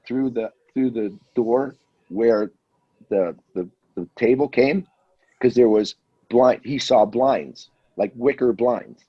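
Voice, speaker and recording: Husky guy in his 50s telling a crazy story, doing all the voices, kinda muffled lo-fi sound. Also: medium pitch. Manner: animated storyteller, acts out voices. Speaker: guest storyteller. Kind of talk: casual anecdote telling. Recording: dull lo-fi audio.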